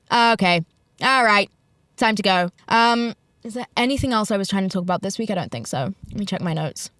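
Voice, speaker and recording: A woman's voice: on the low side, no echo. A young British woman in her twenties hosting a solo podcast from inside a parked car, rambling and self-deprecating and packing her talk with fillers. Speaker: podcast host. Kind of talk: casual solo podcast chat.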